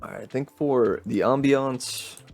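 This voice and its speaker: A man's voice: medium pitch, a little slow, vocal fry, darkish tone, soft background music. A man hosting a podcast, reading a short story aloud and chatting casually between passages. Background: faint futuristic city ambience.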